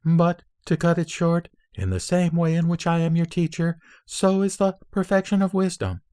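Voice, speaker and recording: A man's voice: fairly high pitch, dark tone, clean tone, no echo, studio quality. Man solemnly reciting scripture. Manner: measured, rhythmic recitation with long lists. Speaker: reader of a Buddhist scripture.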